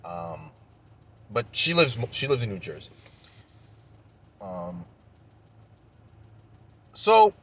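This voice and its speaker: A man's voice: fairly low pitch, wildly swooping pitch, slow, pauses often, slight background noise. A young man telling a story in a casual vlog rant, heated and profane, repeating himself when he gets worked up. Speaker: vlogger.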